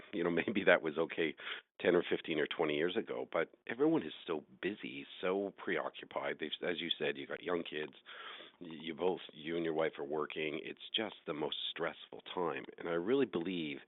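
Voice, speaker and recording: Casting: middle-aged male host, very low voice, earnest coaching tone, dry phone line. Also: dry recording. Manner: earnest, encouraging, advice-giving. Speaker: host, real estate agent. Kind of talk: podcast interview, coaching agents. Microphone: phone call. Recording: tinny phone-line audio.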